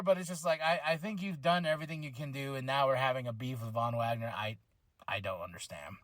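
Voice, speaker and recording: A man hosting a podcast, recapping a wrestling show in an excitable, rambling way with many restarts. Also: fairly high pitch, no room sound. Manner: acts out wrestlers' lines in quick voices. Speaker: podcast host reviewing wrestling.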